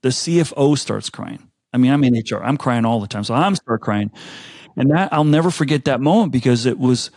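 A man chatting as a podcast guest, telling stories in an animated way with frequent restarts. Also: mid-range voice, brisk. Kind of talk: casual interview chat.

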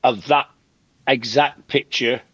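A man's voice: medium pitch, slow pace, no room sound, highs cut off. An older man, telling a story as a guest in a casual chat and repeating himself for emphasis. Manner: animated anecdote teller, repeats himself for emphasis, acts out quotes. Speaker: guest comedian.

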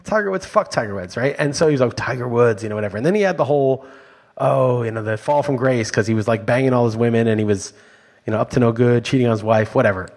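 A middle-aged man co-hosting a chatty podcast. He talks quickly and bluntly, with frequent profanity and emphatic, ranting delivery in a plain mid-range voice. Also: mid-range voice, a little mellow. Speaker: podcast co-host. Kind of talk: casual chat.

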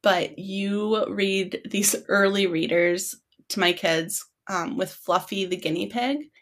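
A woman's voice: mid-range voice, slow pace. A mother co-hosting a show, chatting casually and laughing along with her guest. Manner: relaxed, chatty, laughs often. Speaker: podcast co-host. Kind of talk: casual chat.

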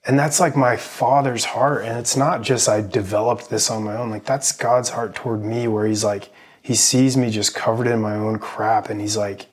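A man's voice: lowish voice, steady tone, moderate pace, slightly rough. A man in his thirties, a podcast guest, talking earnestly and casually about faith with many fillers. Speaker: podcast guest, army medic veteran.

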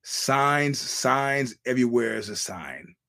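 A man's voice: mid-range voice, animated, slow, vocal fry, bright, forceful tone. Male solo podcast host, blunt and profane, ordinary mid-range voice. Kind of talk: ranting solo podcast monologue.

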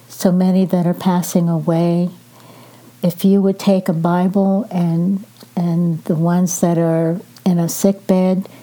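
An older woman reads scripture aloud with a very dark, mellow tone, slightly low in pitch. She moves slowly and gently, pausing between phrases as she reflects in a devotional style. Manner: slow, gentle, measured reading with pauses. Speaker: podcast host reading scripture.

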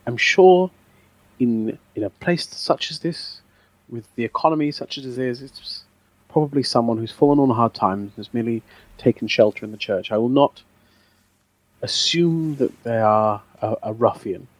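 Man voicing a mild young priest, soft and polite, dry close sound. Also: medium pitch, normal speed, no echo, close to an everyday voice, low-quality recording. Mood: calm. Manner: polite, formal, soothing. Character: gentle, courteous young male priest. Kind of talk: tabletop role-play.

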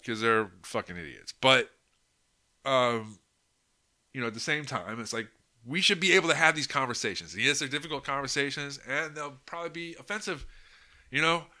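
A man's voice: medium pitch, moderate pace, pushed and bright. A man talking in a casual, unscripted monologue, rambling and swearing freely, with lots of "you know" and "like". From United States. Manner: rambling and profane, heavy with "you know" and "like" fillers. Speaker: podcast host.

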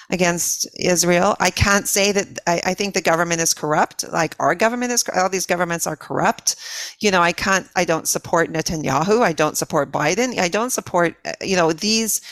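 Older woman guest, lowish voice, dry close mic, earnest and halting with frequent restarts. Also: no room sound. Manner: halting, many restarts and repeated words. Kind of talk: reflective interview conversation.

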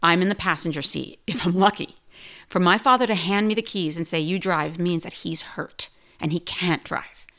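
A woman with a slightly lower voice talks casually in an interview. She teaches yoga and tells a long personal story with energy. She acts out the lines of the people she quotes. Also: moderate pace, fairly bright tone.

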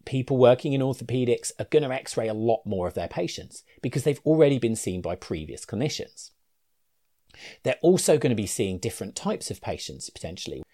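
Male clinician-educator, low and animated, conversational with asides. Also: slightly rough. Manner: reasoned, conversational, with fillers and asides. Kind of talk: explanatory talk to clinicians.

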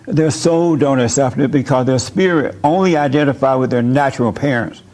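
With a medium-pitched, slightly mellow voice at a moderate pace, a man leads a faith discussion as casual chat. He jokes and chuckles as he tells stories, shifting into a preachy tone whenever he explains.

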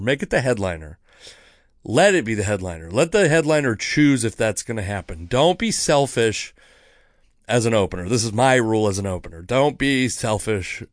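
A man's voice: medium pitch, no room sound, studio quality. A man hosting his own podcast, casually telling a story about a heckler with lots of swearing. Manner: profane, animated storytelling. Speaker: podcast host, comedian.

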